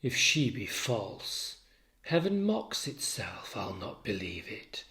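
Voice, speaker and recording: A man voicing Othello, a tormented, jealous older husband, in a low, brooding recitation of verse. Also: big pitch swings, takes it slowly, gravelly, pushed and bright, exaggerated voice.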